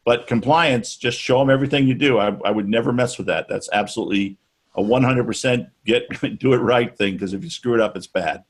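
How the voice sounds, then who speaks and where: A middle-aged man talks through a sales webinar in an easygoing, rambling way. His voice is husky and of ordinary pitch. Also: a little fast. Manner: loose, chatty, with restarts and fillers. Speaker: webinar presenter. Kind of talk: casual sales webinar talk.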